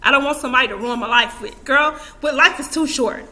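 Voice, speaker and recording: A young adult woman vlogging to camera gives casual, emphatic advice in a high, bright, forceful voice at a quick pace. She keeps repeating her points and slips into asides to herself.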